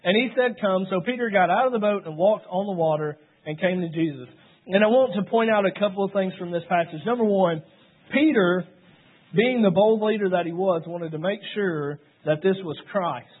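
High-voiced man preaching over tinny sound. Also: breathy edge. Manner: storytelling, retells scripture dramatically. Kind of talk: sermon.

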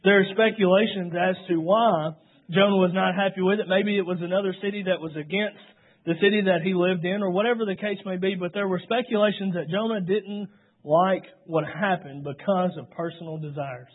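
A man's voice: sits high, fairly even intonation, fairly quick. A man preaching a sermon, retelling scripture in a storytelling way. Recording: tinny phone-like sound.

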